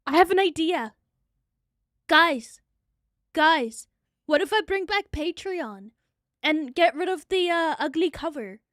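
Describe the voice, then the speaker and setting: A woman from New Zealand with a New Zealand accent, chatting excitably on a live stream, a bit out of breath and swearing freely. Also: very high voice, slow pace, pauses often, no echo, studio quality. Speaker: VTuber streamer.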